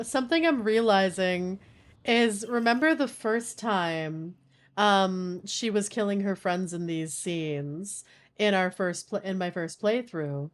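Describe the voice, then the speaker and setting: A woman chatting casually as she streams a game, rambling with lots of filler words. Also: mid-range voice.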